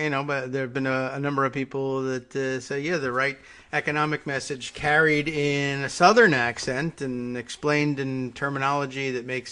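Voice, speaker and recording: A man hosts a casual political chat in a bright, sharp-edged voice. He agrees easily, chuckles often and lets his thoughts trail off. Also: medium pitch. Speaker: political talk show host.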